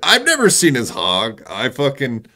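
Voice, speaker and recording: A man at a middle pitch who talks fast and rants, piling on curses as he goes. He co-hosts a loose, unscripted live stream. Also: huge pitch swings, sharp tone. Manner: fast-talking, profane, ranting. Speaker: co-host. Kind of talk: casual chat on a live stream.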